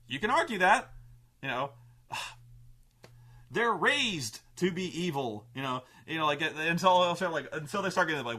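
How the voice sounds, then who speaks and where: A man in a casual, swearing monologue about tabletop games, his pitch swinging widely as he acts out players' lines. His voice is bright and forceful, a little high for a man. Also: animated, normal speed. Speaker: show host telling tabletop gaming stories.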